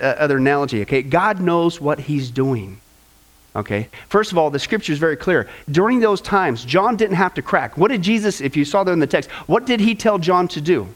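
At a moderate pace and in a slightly high voice, a pastor preaches, telling stories with animation and acting out the voices of those involved.

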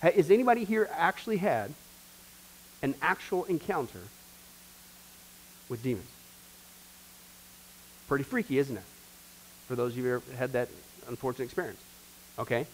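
A man's voice: mid-range voice, lively intonation, moderate pace, long pauses, a little hiss or hum, low-quality recording. A man teaching a church discipleship class in an emphatic preaching style, repeating phrases and talking straight to the group. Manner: emphatic, repetitive, addresses the class directly.

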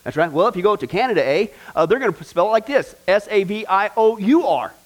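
An American man preaching a sermon, animated and emphatic, asking his listeners questions and joking along the way. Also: sits high, fairly quick. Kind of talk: sermon with humor.

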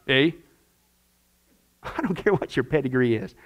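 A man's voice: medium pitch, expressive, takes it slowly. A man teaching a discipleship Bible class, asking rhetorical questions and acting out little voices as he goes.

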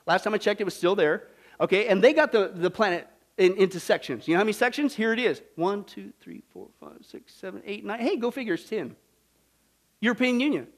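A man delivers a sermon with a strikingly high-pitched voice. He preaches in an animated style, breaking into laughter and mocking asides. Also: a little fast. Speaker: pastor.

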